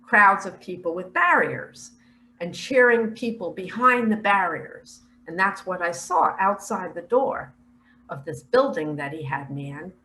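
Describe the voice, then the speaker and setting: An older woman earnestly recounting a spiritual vision in a slow, heartfelt, emotional way. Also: lowish voice, lively intonation, sharp tone, slight background noise, poor audio. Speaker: spiritual speaker sharing visions.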